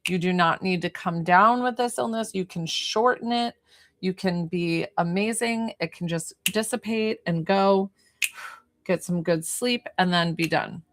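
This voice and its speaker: A woman's voice: fairly low pitch, a little slow. Soothing woman leading a healing livestream. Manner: soothing, guiding breaths, chatty asides. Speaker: spiritual healer on a livestream. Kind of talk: live-streamed energy healing session.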